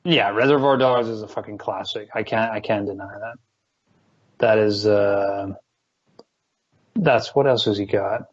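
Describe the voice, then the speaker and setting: A man's voice: fairly low pitch, a little slow, pauses often. A man chatting casually on a podcast, rambling and swearing with enthusiasm. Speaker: podcast co-host. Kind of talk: casual chat. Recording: dull lo-fi sound.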